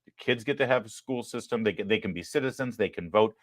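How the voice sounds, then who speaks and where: Guy hosting a live politics show, sarcastic, punchy, low-ish voice, dry close sound. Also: quick pace, no echo. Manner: sarcastic, emphatic, apologetic asides. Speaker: host.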